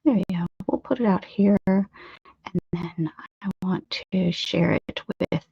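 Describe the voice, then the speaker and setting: A woman's voice: lowish voice, takes it slowly, vocal fry, husky, no echo, muffled recording. A woman hosting a casual art livestream from her craft table at home, chatting with viewers and greeting them by name.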